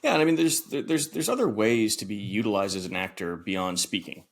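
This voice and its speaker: A man's voice: fairly low pitch, expressive, fairly quick. A man co-hosting a film podcast, speaking thoughtfully and reflectively in casual discussion. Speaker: podcast co-host.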